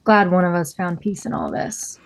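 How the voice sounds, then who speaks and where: Gravelly-voiced woman player. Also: on the low side, wildly swooping pitch, moderate pace, a little hiss or hum. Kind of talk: playing a tabletop game.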